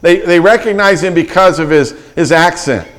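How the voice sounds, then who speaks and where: Middle-aged pastor preaching with dramatic storytelling. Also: male voice, fairly high pitch, normal speed, fairly bright tone. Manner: storytelling, dramatizes scripture with vivid quotes; frequent restarts and repetitions. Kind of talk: sermon.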